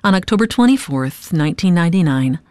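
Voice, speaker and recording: A woman narrating a documentary from a script, with a measured, earnest delivery. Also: fairly low pitch, expressive, a little mellow, no room sound.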